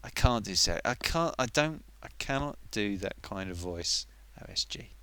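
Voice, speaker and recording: A man's voice: on the low side, animated, normal speed, a bit bright, clear, resonant tone, no echo. A man chatting casually on a live stream, rambling and self-mocking as he answers viewers.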